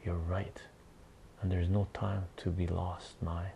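A man's voice: low voice, level tone, takes it slowly, vocal fry, warm tone, a little hiss or hum, full character voice. A man voicing a firm, stern farm father in a whispered role-play comic reading. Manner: firm, clipped. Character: stern father fixing a bull's stall.

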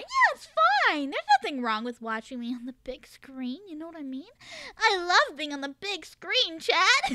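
A woman with a very high, bright voice talks to her live chat in a loose, casual way. She is loud and excitable, and her sentences keep dissolving into giggles. Her pitch leaps around constantly. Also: a little hiss or hum. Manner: giggly, bursts into frequent laughter. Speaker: streamer.

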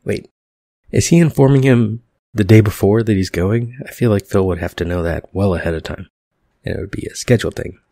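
Deep gravelly man with wry asides. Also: brisk, dark tone, no room sound, studio quality. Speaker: podcast host. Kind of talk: casual commentary on a screenplay.

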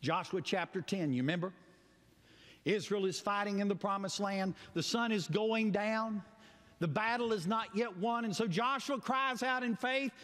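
A man preaching a sermon as pastor, telling stories dramatically, swinging between loud cries and quiet asides. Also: high-pitched, normal speed. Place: church sanctuary. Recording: long church hall reverb.

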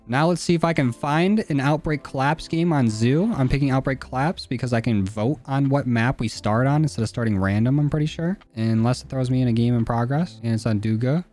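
A young man giving casual, profane commentary while playing a game, talking to the characters on screen and yelling when things go wrong. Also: mid-range voice. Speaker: gaming YouTuber. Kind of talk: live gameplay commentary. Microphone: studio dynamic mic.

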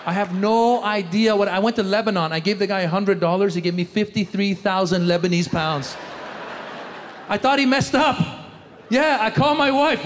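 Animated male stand-up comic on a big stage. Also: high-pitched, moderate pace, in a large hall, slight background noise. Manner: animated, jokey, audience banter, acts out scenes. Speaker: stand-up comedian. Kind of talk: stand-up comedy routine. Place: theater stage with live audience.

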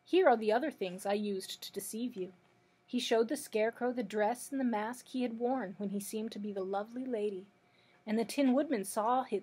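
Librarian lady reading a storybook out loud, steady, kinda husky. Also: a little high. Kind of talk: storybook read-aloud.

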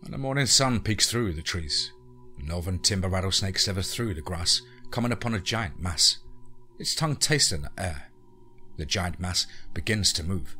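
A man hosting a podcast, narrating a horror story in a deliberate, hushed way. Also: low voice, lively intonation, faint music behind.

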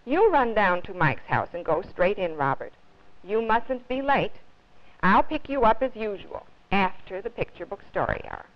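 A woman voicing a hurried, caring mother giving brisk instructions, on dull lo-fi 1950s TV audio. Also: medium pitch, lively intonation, lightly acted.

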